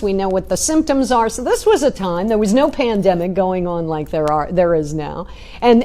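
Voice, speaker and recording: Animated woman teaching with lively pitch. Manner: animated storytelling, frequent "right?" asides. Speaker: spiritual teacher. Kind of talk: talk or sermon.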